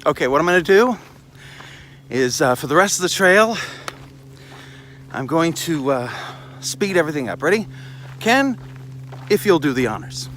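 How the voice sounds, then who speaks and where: Walking a hiking trail with a handheld camera, a man vlogs in a fairly bright, sing-song voice on the high side, at normal speed with long pauses. He rambles, jokes, and mocks himself, and the low-quality recording picks up outdoor wind and traffic noise.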